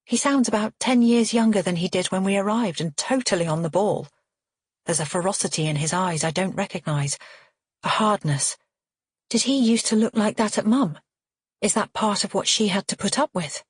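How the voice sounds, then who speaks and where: A woman narrating a first-person thriller audiobook in a tense, measured way. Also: lowish voice, husky, dry recording, clean studio sound.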